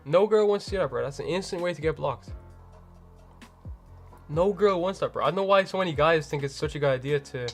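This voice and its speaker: A man hosting a game stream from home, chatting loosely with his viewers. He rambles and stacks up casual fillers and slang as he goes, in a voice a touch higher than most men's, with quiet music playing in the background. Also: brisk, long pauses. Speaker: livestream host.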